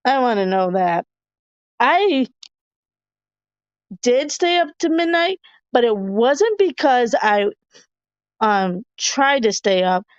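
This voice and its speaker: A woman hosts a podcast from her hotel room, chatting, reading comments and laughing a lot. Her voice is smooth and clear, a little high, and sits close and dry on a slightly dull recording. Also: animated, slow, pauses often, no room sound. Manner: chatty, laughs often, many fillers. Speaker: podcast host. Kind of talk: casual chat reading viewer comments.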